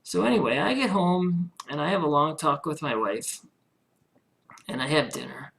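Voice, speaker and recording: This man's video diary, delivered directly to camera, covers his marketing business run from home. He speaks sincerely and with religious feeling, wandering off with many "you know" fillers; his voice is on the high side, creaky and fairly bright, with lively intonation at a moderate pace.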